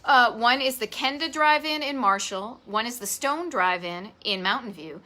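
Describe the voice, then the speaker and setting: A bright, fairly high-voiced woman with a Boston accent, talking casually into a desk webcam in a home office. She chats with bubbly enthusiasm and pokes fun at herself as she goes. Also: expressive, moderate pace. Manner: chatty and enthusiastic, self-deprecating asides. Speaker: host of a live vintage travel show. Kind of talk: casual live-stream chat.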